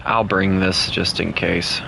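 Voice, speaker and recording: A man with a Southern US accent, streaming a game and chatting playfully with co-players, breaking into teasing and high shouts. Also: little pitch movement, takes it slowly, creaky, noisy background. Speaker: gaming streamer. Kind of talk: casual gameplay chat with co-players.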